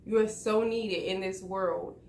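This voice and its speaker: Woman, social worker, earnest motivational talk, direct and repetitive, mid-pitched voice, roomy echo. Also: fairly even intonation, a little slow, gravelly, a little mellow, slight background noise. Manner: earnest and direct, repeats words, soothing. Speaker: social worker sharing encouragement.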